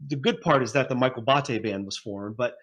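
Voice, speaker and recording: A man's voice: mid-range voice, a little fast, a bit bright. Chatty man, laughs between stories. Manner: rambling, laughs often. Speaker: guest musician. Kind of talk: casual interview.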